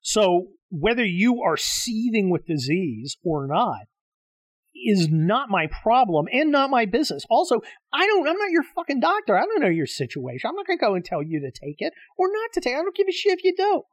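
A man's voice: very high voice, big pitch swings, a little fast, dry recording, studio quality. A middle-aged man hosting his own show, delivering a combative, profanity-laced solo rant. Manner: profane, combative, exasperated ranting. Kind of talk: solo ranting monologue.

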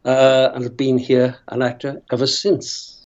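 A man's voice: mid-range voice, monotone, measured pace, darkish tone. Older storytelling man, dull lo-fi audio. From Northern Ireland. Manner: rambling, goes off on tangents, chuckles. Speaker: actor guest. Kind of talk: storytelling interview.

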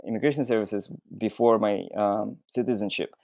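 A man's voice: lowish voice, steady tone, normal speed, creaky, darkish tone, no room sound. A young man with a Russian accent and Russian as his first language, talking earnestly and emphatically with many "you know" fillers as an interview guest. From Russian-speaking country. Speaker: interview guest, former waiter. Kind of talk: candid conversational interview.

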